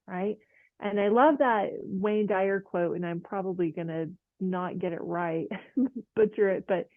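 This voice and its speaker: A woman's voice: mid-range voice, gravelly, no room sound, narrow, tinny audio. A woman art teacher talking casually to camera, chatty and encouraging, with lots of fillers and light laughs. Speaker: oil painting teacher. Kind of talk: casual motivational talk to camera.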